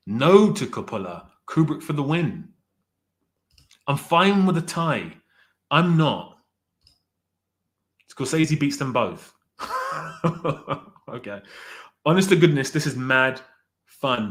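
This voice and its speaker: A man talks loosely to a live chat. He rambles, stops to correct himself and jokingly complains that his viewers have left him to decide. His pitch sits in the ordinary middle range. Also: a bit bright. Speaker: streamer ranking directors with live chat. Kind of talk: casual livestream chat.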